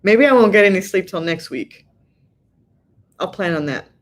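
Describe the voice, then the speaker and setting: A middle-aged woman with a lowish, expressive voice hosts a casual livestream from home, reading viewer comments aloud at a normal pace over slight background noise. She sounds tired yet stays chatty, laughing often and peppering her talk with "like" and "you know."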